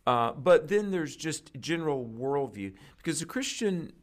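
A guest preacher with a fairly high, unhurried voice tells a story conversationally. He's animated, acting out the lines of each person in it.

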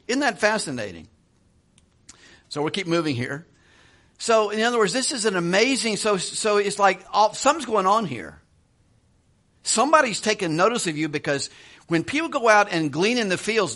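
A middle-aged man preaching a sermon in a relaxed, conversational way, chuckling now and then and often repeating words as he goes. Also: sits high, normal speed. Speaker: pastor.

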